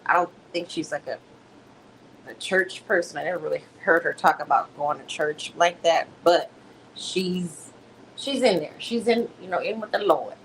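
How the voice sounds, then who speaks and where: A woman's voice: lowish voice, normal speed, a little hiss or hum, rough recording. A woman hosting a livestream, chatting in a gossipy way and calling listeners baby. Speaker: livestream host. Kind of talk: casual live stream commentary.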